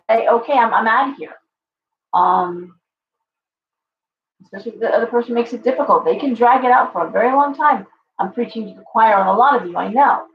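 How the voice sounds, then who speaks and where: Woman tarot host, live stream, a little hoarse from losing her voice, chatty and reassuring, roomy dull audio. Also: a little high, slight background noise. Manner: chatty, reassuring, addresses viewers directly. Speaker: tarot reader hosting a live show.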